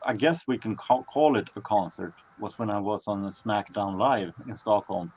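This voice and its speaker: A man's voice: lowish voice, normal speed, darkish tone, a little hiss or hum. A man chatting casually on a video call, joking with frequent stammering restarts.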